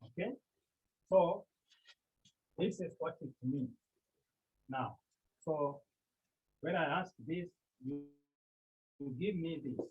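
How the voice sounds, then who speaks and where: A man with a Cameroonian accent teaching a Greek class, speaking slowly and deliberately, often checking with his students. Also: on the high side, a little mellow. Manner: slow, deliberate, repeats key points and checks with "Okay?". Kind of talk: classroom lecture. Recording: tinny phone-like line.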